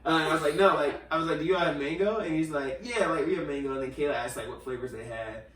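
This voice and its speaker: A man's voice: on the high side, quick pace, far from the mic. Man, podcast host, chatty storytelling, acts out quotes, echoey room, a bit off mic. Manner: animated storyteller, acts out quotes, many fillers. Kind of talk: casual storytelling chat. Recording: roomy sound, a little off mic.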